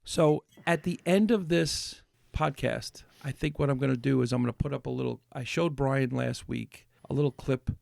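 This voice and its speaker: Gravelly-voiced man rambling on a podcast. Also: medium pitch, normal speed, hardly any pauses, darkish tone, dry recording. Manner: rambling storyteller with many restarts. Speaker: podcast host. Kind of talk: casual chat.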